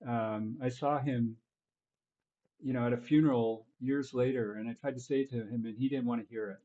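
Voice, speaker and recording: A man hosting a podcast who talks in an earnest, soft-spoken way and often drops in quiet yeahs. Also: medium pitch, steady tone, normal speed, lo-fi sound. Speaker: podcast host. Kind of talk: casual interview conversation.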